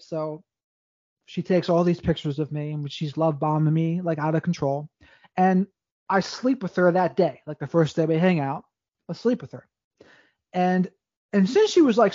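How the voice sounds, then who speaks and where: A man's voice: on the high side, darkish tone, no room sound, lo-fi sound. A man, a podcast guest, telling his life story in a candid, rambling way with frequent restarts. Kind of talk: casual storytelling interview.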